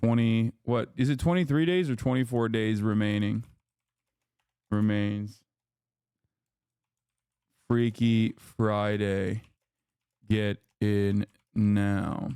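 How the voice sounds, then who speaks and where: A man's voice: fairly low pitch, slow pace, long pauses, clear, resonant tone, no echo, clean studio sound. Man ranting on a livestream. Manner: profane, ranting, animated rambling. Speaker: streamer host. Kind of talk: casual livestream commentary.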